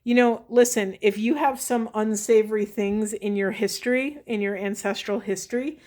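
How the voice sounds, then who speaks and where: Woman giving a halting spiritual card reading. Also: mid-range voice, fairly even intonation, darkish tone. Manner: thinking aloud, halting restarts. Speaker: tarot card reader.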